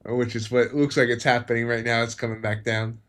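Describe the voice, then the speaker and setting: A man narrating his own live trades in a quiet, low-key way, trailing off into mumbled asides as he watches the charts. His pitch sits right in the middle for a man. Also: little pitch movement, quick pace. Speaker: trading streamer. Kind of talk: live trading commentary.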